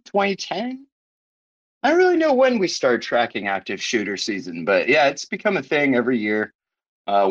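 A man's voice: on the low side, a bit bright. A man hosting a podcast in casual chat, sarcastic and profane, riffing loosely as he reads news aloud. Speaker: podcast host. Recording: dull lo-fi podcast audio.

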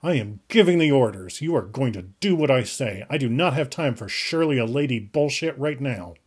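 A man's voice: mid-range voice, expressive, moderate pace, husky. A man reading a commanding young woman barking orders. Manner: forceful, insistent, giving orders.

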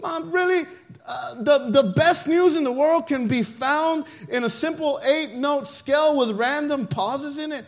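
A man's voice: very high voice, measured pace, pitched above the performer's own voice. A man voicing a frustrated, impatient boy with a whiny, exasperated manner.

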